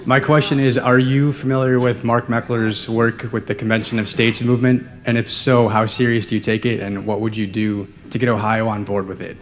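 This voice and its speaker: A man's voice: mid-range voice, level tone, fairly quick, hardly any pauses, fairly bright tone. A man from the audience asking the panel a polite, plain question. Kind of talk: question from the floor. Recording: distant voice in an echoey hall.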